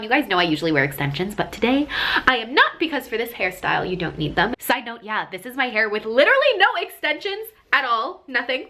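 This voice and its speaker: A woman's voice: high voice, sharp tone. Bubbly young woman vlogger. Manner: bubbly, chatty, full of side notes and self-mocking jokes. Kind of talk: casual hair tutorial vlog. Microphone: camera on a tripod.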